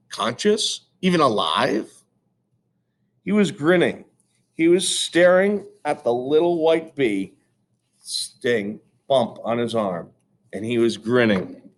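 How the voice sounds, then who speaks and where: Brief: man narrating a kids' chapter book, lively up-and-down delivery. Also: mid-range voice, slow. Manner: animated and expressive. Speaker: reader. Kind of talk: reading a children's chapter book aloud.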